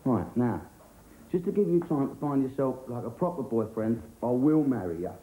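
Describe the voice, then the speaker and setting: A man's voice: mid-range voice, animated, normal speed, roomy sound, noisy background, lightly acted. A man playing a cheeky chauffeur. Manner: chirpy, flustered, pleading. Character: cheeky Cockney chauffeur Jimmy, grown man. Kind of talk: sitcom acting.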